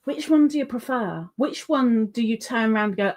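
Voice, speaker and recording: A woman's voice: a little high, expressive, normal speed, darkish tone. A woman hosting a casual livestream, chatting, reading viewer comments aloud and laughing often. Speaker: livestream host.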